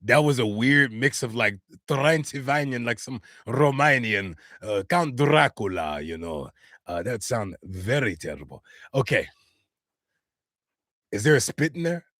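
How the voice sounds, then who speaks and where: A man's voice: medium pitch, animated, unhurried, fairly bright tone, no echo, clean studio sound. A man live-streaming, talking earnestly and casually to his chat in slangy speech. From United States.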